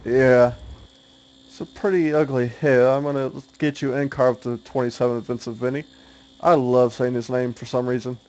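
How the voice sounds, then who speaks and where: A man's voice: mid-range voice, flat delivery, moderate pace, a little mellow, lo-fi sound. A young man from the US South, a race broadcaster calling an online sim race in a chatty way and laughing often. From Oklahoma, US South. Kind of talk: sim racing commentary.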